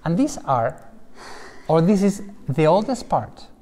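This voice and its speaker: The guide's voice is fairly high, and he takes a measured pace as he explains the stone cathedral cloister with lively asides. It's a casual indoor tour, and the space lends a long reverb.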